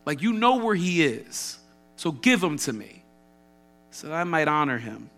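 A man's voice: fairly high pitch, big pitch swings, unhurried, creaky, a bit bright, exaggerated voice. A man preacher voicing a grieving devoted woman disciple, reading her aggressively. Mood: pleading, forceful.

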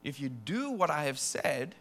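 A man preaching a sermon, animated and conversational, dropping to soft asides and rising to loud acted quotes. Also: fairly high pitch, unhurried, a little hiss or hum.

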